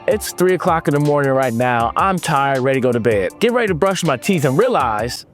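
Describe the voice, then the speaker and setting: A man's voice: medium pitch, sing-song, brisk, soft background music. A man from California, a motivational speaker telling a story to students in a casual, playful way, sometimes slipping into a sing-song delivery.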